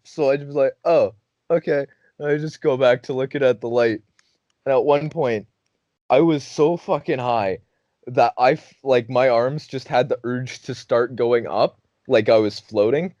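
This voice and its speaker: A man's voice: mid-range voice, moderate pace, no echo. Young guy rambling a stoned story on a podcast, swears a lot, muffled dry mic. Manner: laughing, profane, animated storytelling. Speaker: podcast host. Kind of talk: casual storytelling.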